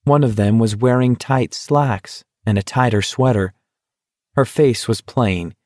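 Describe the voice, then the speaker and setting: Steady male audiobook narrator. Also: mid-range voice, unhurried, no room sound, clean studio sound.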